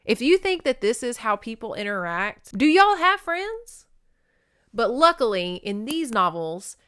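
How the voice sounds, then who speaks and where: A woman hosting a casual book-recap podcast, animated and joking, with quick asides and swearing. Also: medium pitch, clean tone, no echo, clean studio sound. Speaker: podcast host.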